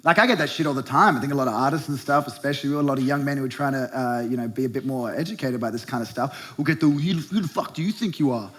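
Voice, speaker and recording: A man's voice: mid-range voice, very fast, few pauses, a bit bright. A young Australian man doing stand-up as the host of a segment, heated and sarcastic, swearing and mocking blokes in put-on voices. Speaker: comedian hosting a show segment. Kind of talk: stand-up rant.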